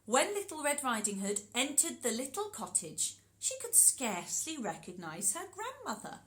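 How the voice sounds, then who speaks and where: A woman leads an interactive storytelling session for children, animated and encouraging. Her voice sits fairly high and swings widely in pitch. She keeps turning to speak directly to the children. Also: moderate pace, low-quality recording. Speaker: storyteller and workshop leader.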